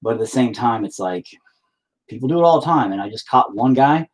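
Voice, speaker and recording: Talking fairly quickly at medium pitch with lively intonation, a painter livestreams and rambles to his viewers over a laptop mic. He's candid and profane, often poking fun at himself.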